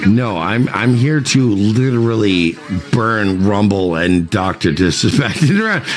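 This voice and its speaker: A man's voice: fairly low pitch, expressive, unhurried. A drunk man in his forties on a live stream, chatting casually in a crude, rambling, defensive way. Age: 40s.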